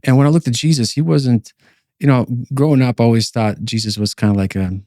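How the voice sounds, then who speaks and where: A man shares a long personal testimony on a podcast, circling back through fillers and restarts as he tells it. His voice is warm and mellow with a middle pitch. The sound is dry and close, with no room echo. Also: steady tone, a little fast. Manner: rambling, many fillers and restarts. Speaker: podcast co-host.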